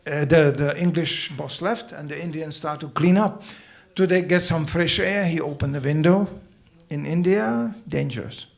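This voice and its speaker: Male preacher, festival sermon, animated storytelling, acted voices, teasing asides, fairly high voice. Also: creaky. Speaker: spiritual teacher.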